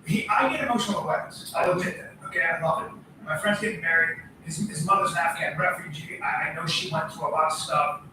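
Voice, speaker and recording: A middle-aged man co-hosting a podcast, telling animated stories in casual, swearing chat. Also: on the high side, fast, hardly any pauses, far from the mic, background noise. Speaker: podcast co-host. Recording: echoey room from off-mic.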